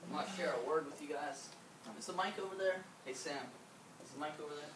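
A male pastor praying and preaching casually, halting with fillers and repeats. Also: a little high, background noise. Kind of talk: sermon with opening prayer. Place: church sanctuary. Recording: echoey church hall from far off, music behind.

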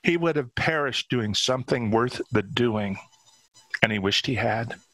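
A man reading his own short story aloud with steady, dramatic narration. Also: medium pitch, measured pace, no room sound, poor audio. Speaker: author.

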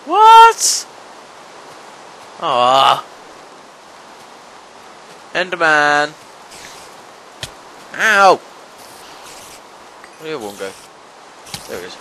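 A young man giving let's-play commentary, talking to the monsters and yelping and shouting whenever they hit him. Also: on the high side, huge pitch swings, drawn-out words, long pauses, a little hiss or hum, poor audio. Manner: talks to monsters, yelps and shouts when hit. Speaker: gaming channel host.

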